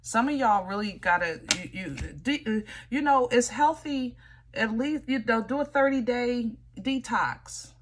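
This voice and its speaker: A woman's voice: on the high side, lively intonation, measured pace, background noise. A woman giving a casual tarot reading to viewers, chatty and direct, often teasing with "you know?" and "okay?". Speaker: tarot reader.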